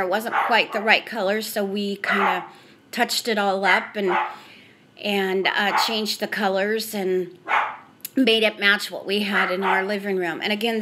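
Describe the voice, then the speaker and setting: A woman's voice: mid-range voice, noisy background. A middle-aged woman giving a casual tour of her family room, chatty and rambling, recorded on a handheld camera she carries around. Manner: chatty, rambling, frequent "so anyhow". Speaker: home decor vlogger.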